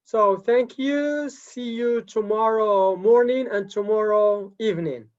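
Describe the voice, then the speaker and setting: A woman's voice: medium pitch, slow, a little mellow, muffled recording. Woman teacher lecturing an online class. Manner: repeats key words, checks in with frequent okays. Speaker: teacher trainer.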